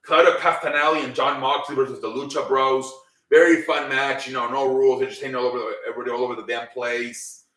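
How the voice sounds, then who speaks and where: A man's voice: mid-range voice, fairly even intonation, quick pace, fairly bright tone. A man casually recapping a wrestling show, rambling with lots of fillers and swearing freely. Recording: roomy, mic at a distance.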